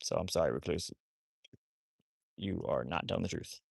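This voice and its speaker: A man's voice: sits low, normal speed, creaky, dry recording, studio quality. A man hosting a casual livestream about rescuing wolfdogs, rambling with many restarts while he talks to his dogs.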